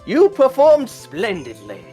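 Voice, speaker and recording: A woman voicing a stately older male judge, speaking formally and slowly. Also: sits high, wildly swooping pitch, dark tone, soft background music, voice pushed up, full character voice. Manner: formal, slow.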